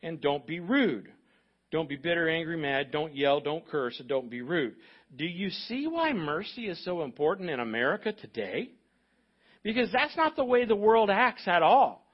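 Brief: male pastor, husky higher voice, emphatic repetitive sermon, slightly dull lo-fi church recording. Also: sing-song, normal speed. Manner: emphatic, repetitive preaching with audience prompts.

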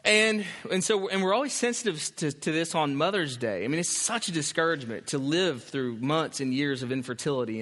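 A man preaching in church with an emphatic, conversational delivery and a high, bright voice. A long reverb from the church hall carries behind him. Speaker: pastor. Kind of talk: sermon.

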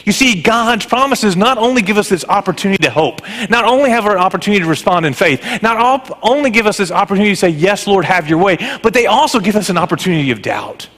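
High-voiced man preaching a sermon. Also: fast, few pauses, long reverb tail. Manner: animated, conversational, joking. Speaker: pastor.

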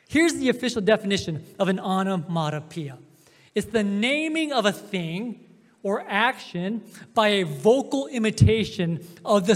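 A man preaching a sermon as pastor, emphatic, with drawn-out pauses and swings between loud and soft. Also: high voice. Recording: long hall reverb.

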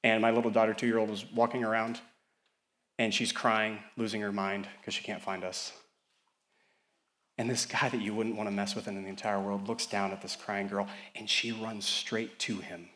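Young guy pastor preaching, gets loud and high then drops real soft, really fired up, man. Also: little pitch movement, moderate pace. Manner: impassioned, swinging from loud calls to hushed tender passages. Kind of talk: sermon.

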